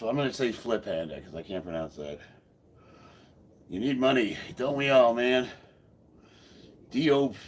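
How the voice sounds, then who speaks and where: Man over 50, lower voice, animated, casual live-stream chat, faint background noise. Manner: relaxed, reads viewer comments aloud, chatty. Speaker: powerlifter streaming a live workout. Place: home gym, indoors.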